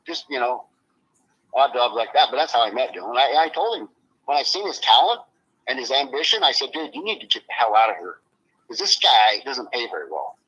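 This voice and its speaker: A man's voice: medium pitch, big pitch swings, brisk, sharp tone, husky, lo-fi sound. A man speaking as an interview guest, blunt and swearing freely, his voice rising when he gets upset. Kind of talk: emotional interview on a live stream.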